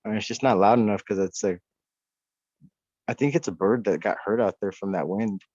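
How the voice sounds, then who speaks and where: A man's voice: on the low side, moderate pace, dry recording, highs cut off. A man chatting as a podcast guest from an off-grid homestead, rambling and swearing freely. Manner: rambling, profane, excitable. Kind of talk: casual chat.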